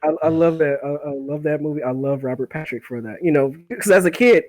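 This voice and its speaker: Rambling, laugh-prone man, fairly high voice. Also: fairly quick. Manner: rambling, laughs often, repeats words. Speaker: podcast host. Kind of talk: casual chat.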